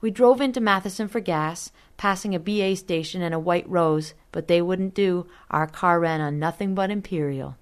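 Woman, audiobook narrator, steady, measured, slightly low pitch.

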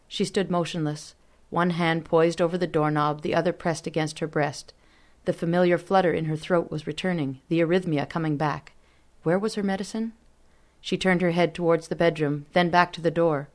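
Woman reading an audiobook, low voice, steady and expressive. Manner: measured and expressive. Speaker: narrator. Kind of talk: scripted audiobook narration.

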